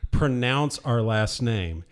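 A man's voice: medium pitch, animated, takes it slowly, clear, resonant tone. A middle-aged man co-hosting a podcast, telling a story in casual banter and laughing often. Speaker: podcast co-host.

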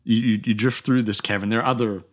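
Low-voiced man running a tabletop game. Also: fairly even intonation, fast talker, highs cut off. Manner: rambling, many restarts and fillers. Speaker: game master.

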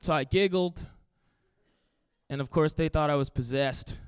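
A man with a high, smooth voice tells a comic story on stage, animated and acting out every quoted line with sudden jumps in pitch and loudness. The sound is dry and close, with little room in it. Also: measured pace, dry recording. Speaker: stand-up comedian. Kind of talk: stand-up storytelling.

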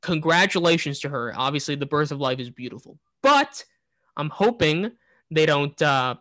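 A man co-hosting a casual wrestling podcast, telling what happened with rising excitement and short laughs, then asking his co-host for his opinion. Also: a little high, moderate pace, dry recording. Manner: excited, breaks into laughs, asks co-host's opinion.

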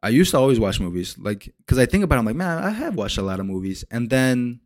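A young man hosting a solo podcast, rambling and swearing as he retells movie scenes with lively energy. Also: mid-range voice, quick pace, no room sound. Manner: rambling, profane, animated retellings. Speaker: podcast host. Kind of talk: casual solo podcast rant.

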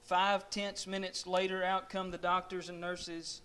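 A man's voice: sits high, flat delivery, measured pace, sharp tone, clear, resonant tone. A man preaching, telling a dramatic story in the second person to his listeners. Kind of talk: sermon storytelling.

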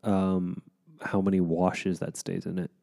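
A tired woman co-hosts a casual chat with an unusually deep, mellow voice. She answers in short, laid-back remarks. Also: level tone, unhurried, vocal fry. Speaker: podcast co-host.

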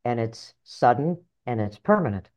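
A middle-aged woman author and life coach telling her story in an interview, animated and blunt, acting out voices in her head. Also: rumbling low, moderate pace. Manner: animated, acts out inner voices, earthy phrasing.

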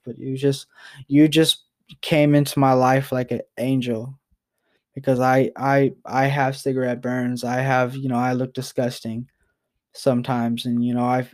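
Young man, personal vlog, emotional and halting, flat monotone, loose and rambling delivery. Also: mid-range voice. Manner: rambling, halting, repeats himself and apologizes. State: emotional, near tears.

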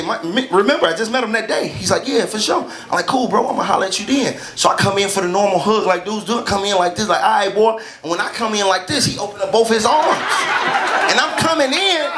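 A stand-up comedian telling a story on stage, acting out both sides in slangy banter. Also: male voice, high voice. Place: live comedy club stage. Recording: live club recording, loud crowd. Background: loud audience laughter and crowd noise.

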